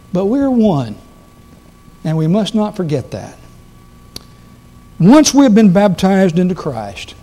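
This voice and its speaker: Lively, mellow-voiced man preaching. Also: a little high. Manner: emphatic, rising to loud scripture readings. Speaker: guest preacher. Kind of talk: sermon. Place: church sanctuary.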